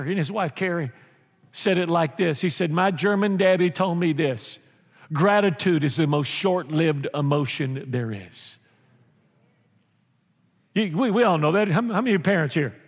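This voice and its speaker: Animated pastor preaching in a reverberant hall. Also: male voice, high-pitched. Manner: animated, humorous preaching with acted-out voices. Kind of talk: sermon. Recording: church hall with long reverb.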